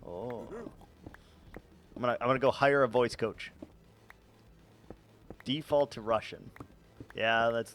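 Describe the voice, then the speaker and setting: A man's voice: medium pitch, slow pace, pauses often, a bit bright. A young man streaming a game, chatting casually to his chat in a rambling, joking, self-mocking way with frequent chuckles.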